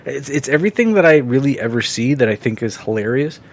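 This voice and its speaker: A man co-hosting a casual podcast chat, rambling with lots of fillers and swearing freely when excited. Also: mid-range voice, fast, slight background noise. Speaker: podcast co-host.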